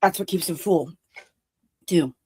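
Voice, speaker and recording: A woman's voice: fairly low pitch, measured pace, mellow, a little hiss or hum. A woman co-hosting a podcast, explaining things in casual chat. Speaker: podcast co-host.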